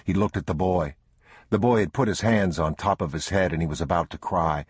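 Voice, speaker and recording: A man narrating an audiobook in a measured, unhurried way. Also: sits low, husky, no room sound, studio quality. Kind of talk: scripted narration.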